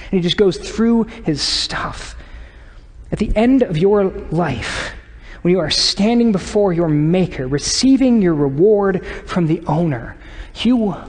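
A man preaching a sermon as pastor, earnest and conversational, at times dropping to a hushed voice. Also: high-pitched. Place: church sanctuary. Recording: long church reverb.

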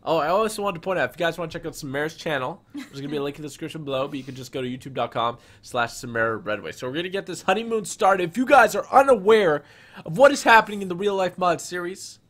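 A man hosting a live gameplay stream, energetic and excitable, often repeating his phrases. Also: on the high side, fast talker. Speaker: gaming channel host.

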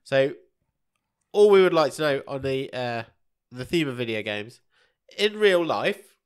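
Husky, bunged-up man co-hosting a podcast. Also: mid-range voice, lively intonation, unhurried. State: congested with a cold. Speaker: podcast co-host. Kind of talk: casual chat.

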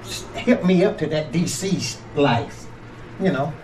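An older man from Georgia hosts a casual cooking vlog, chatting in a playful, folksy way and calling his viewers closer. His voice sits fairly high for a man. A faint hum of noise runs under the recording. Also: expressive, a little slow, a little mellow. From Georgia, USA. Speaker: home cook and channel host.

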